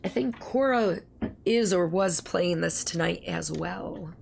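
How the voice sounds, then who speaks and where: A woman's voice: fairly low pitch, slow, vocal fry, darkish tone, slight background noise. A woman streaming a game, chatting and rambling to her viewers while recovering from a cold. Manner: chatty, rambling, talks to chat. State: recovering from a cold, voice not at full strength. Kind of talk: casual gameplay commentary.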